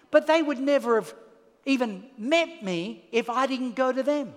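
A man's voice: very high voice, a little slow, long reverb tail. A man with an Australian accent preaching a televised sermon as pastor, calling for amens and joking at his own expense. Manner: preaching with call-and-response and self-mocking jokes.

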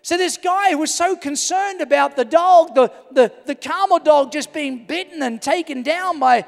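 High-voiced impassioned male preacher. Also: moderate pace, gravelly. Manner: impassioned, swings from loud to hushed. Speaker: pastor. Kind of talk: sermon. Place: large church hall. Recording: reverberant church hall with music.

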